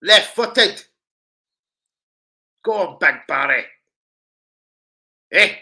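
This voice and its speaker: A man chatting casually on a football live stream, swearing freely and breaking into loud, excited shouts. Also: high-pitched, very slow, rough recording.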